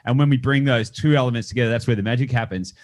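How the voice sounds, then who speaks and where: A man's voice: very fast, darkish tone. Male interview host, casual and rambling, mid-range voice. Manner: rambling, restarts often, acts out clients in a high voice. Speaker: podcast host.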